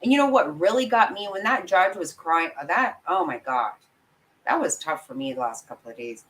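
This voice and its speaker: Over poor audio, a woman true crime commentator with a fairly low, fairly bright voice and lively intonation speaks at normal speed in livestream reaction commentary. Worked up, blunt, and swearing a lot, she rants angrily and emphatically to viewers and apologizes for the outbursts.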